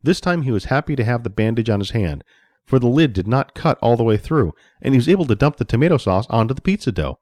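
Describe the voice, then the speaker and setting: Expressive male storyteller, dry recording. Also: mid-range voice, fast talker, no room sound. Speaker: narrator. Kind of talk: reading a children's story aloud.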